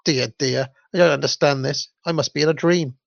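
A man's voice: on the high side, steady tone, a little fast, gravelly, no echo. A man reading aloud, voicing a kindly, fussing mother of a little girl who keeps exclaiming in fluster. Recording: dull lo-fi dry recording.

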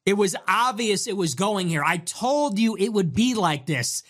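A livestream host rants at a measured pace, animated and sarcastic, mocking and taunting as he swings from loud, high outbursts to low grumbles.

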